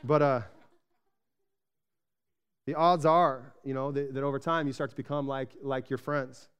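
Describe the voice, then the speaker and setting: A man from Arizona preaching a sermon in a casual, chatty way, often checking in with the congregation and getting animated in his stories. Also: mid-range voice, a little slow, smooth. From Arizona, USA. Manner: animated storytelling, rising louder when excited. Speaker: pastor.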